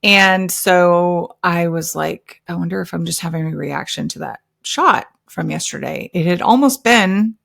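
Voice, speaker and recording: Animated woman host telling a story. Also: fairly low pitch, measured pace, creaky, few pauses. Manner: animated, acts out quoted dialogue. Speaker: podcast host. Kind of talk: personal storytelling.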